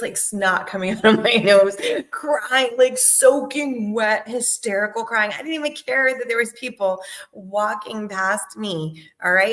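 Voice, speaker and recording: A middle-aged woman sales coach talking casually to her viewers, animated and emphatic, with frequent "right?" and "okay?" asides. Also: on the high side. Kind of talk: casual talk to camera.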